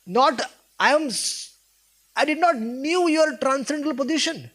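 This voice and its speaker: High-pitched guy preaching, tells the story and acts out the lines, asks the crowd stuff. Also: lively intonation, a little slow, pauses often, fairly bright tone. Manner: storytelling, voicing quoted characters with emotion; asks listeners questions. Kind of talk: devotional scripture talk.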